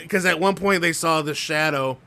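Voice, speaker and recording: A man's voice: on the high side, a little slow, bright, forceful tone. A man co-hosting a podcast, rambling through a story, swearing often and laughing as he goes. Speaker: podcast co-host. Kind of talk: casual profane chat.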